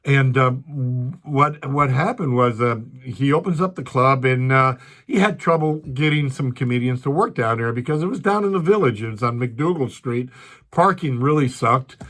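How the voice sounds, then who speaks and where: A man's voice: medium pitch, normal speed, fairly bright tone. An older male stand-up comedian telling rambling stories from his career with many restarts and asides. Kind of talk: storytelling.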